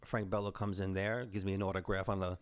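A man in his forties from the Bronx with a New York accent, excitedly telling stories in casual chat. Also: deep voice, quick pace, a little hiss or hum. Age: 40s. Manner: excitable storyteller, says bro and man, mild swearing. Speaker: podcast co-host.

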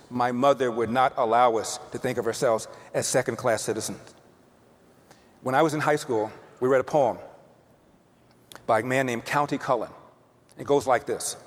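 A man giving an emphatic storytelling speech, repeating words to build each point. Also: medium pitch. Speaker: speaker telling a personal story. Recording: long reverb of a hall.

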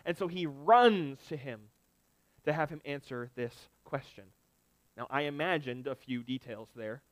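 A man preaching a sermon, building to loud emphatic lists and dropping to quiet asides. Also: fairly high pitch, no echo, poor audio.

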